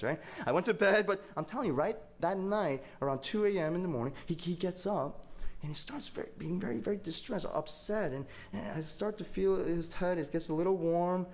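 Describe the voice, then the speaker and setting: A man's voice: high-pitched, lively intonation, fairly quick, few pauses, slight background noise. A young man preaching a sermon as a pastor, telling a story in a conversational way and repeating words as he gets going.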